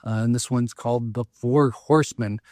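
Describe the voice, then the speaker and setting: A man hosting a local history show tells stories in a relaxed, rambling way, dropping in fillers and small jokes. His voice sits at an ordinary middle pitch. The recording is dry and close, with no room sound. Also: normal speed, no room sound. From Minnesota, US. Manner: chatty, loose, frequent fillers and asides. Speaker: local history podcast host. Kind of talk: casual storytelling talk.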